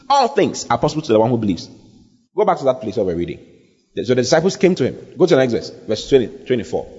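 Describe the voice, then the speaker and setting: A man's voice: mid-range voice, sing-song, fast talker, a little mellow, slightly rough. A man preaching a sermon as pastor, repeating phrases and building emphasis. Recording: dull sound with long hall reverb.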